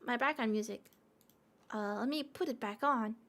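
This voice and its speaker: A woman's voice: a little high, normal speed, a bit bright, faint music behind. A young woman chatting casually on a livestream, giggly, rambling and playfully dramatic. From Australia. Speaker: streamer.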